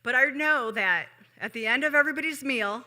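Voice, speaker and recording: Chatty woman storyteller with a bright voice. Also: high-pitched, fairly quick. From Chicago, USA. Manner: chatty, with asides to the audience. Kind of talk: live storytelling.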